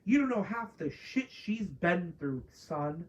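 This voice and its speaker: A woman's voice: on the low side, expressive, slow, lo-fi sound. A woman casually ranting through a spoiler review of a TV episode, profane and exasperated, mocking characters she dislikes. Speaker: TV show reviewer.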